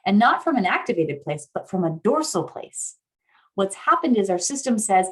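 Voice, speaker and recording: A woman's voice: sing-song, brisk. A young adult woman giving a casual teaching talk on somatic therapy, acting out inner voices as she explains. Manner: casual, uses "like" a lot, acts out inner voices with big swings in pitch and loudness. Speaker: guest speaker on somatic therapy. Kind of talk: teaching talk with acted examples.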